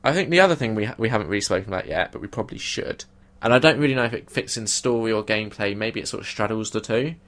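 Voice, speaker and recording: A young man co-hosting a podcast in casual chat, blunt and animated, swearing freely. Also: lowish voice, racing, hardly any pauses. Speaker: podcast co-host.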